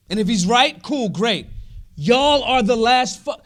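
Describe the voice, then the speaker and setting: Fiery, high-pitched man giving a profane speech. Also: animated, measured pace. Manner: profane, emphatic, swings between shouts and low asides. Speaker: convention speaker. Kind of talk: rousing political speech. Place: convention hall.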